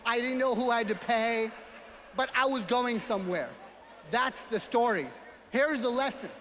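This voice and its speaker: A man from New York with a New York accent, giving a motivational speech as a gala speaker and telling a story while often shouting out to the crowd. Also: very high voice, moderate pace, slight background noise. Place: large banquet hall. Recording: hall reverb, faint ambience.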